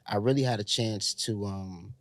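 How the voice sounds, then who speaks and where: A man from Chicago with a Chicago accent, talking as a guest in a relaxed, slangy interview, often pausing on "um" as he reflects. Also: on the low side, no echo. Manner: laid-back, slangy, reflective with many ums. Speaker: R&B singer, guest. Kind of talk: casual interview chat.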